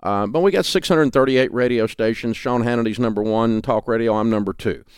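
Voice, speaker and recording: A man's voice: mid-range voice, fairly quick, darkish tone, clear, resonant tone, dry recording, studio quality. A middle-aged man with a Southern accent, speaking as a guest in a podcast interview in a folksy, emphatic storytelling way. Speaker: guest, finance radio host.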